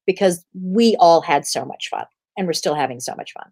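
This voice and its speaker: A woman's voice: fairly low pitch, fairly quick. A woman, an actress as guest, telling stories in an interview over a video call and acting out the voices she quotes. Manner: animated, acts out quoted voices. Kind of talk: interview storytelling.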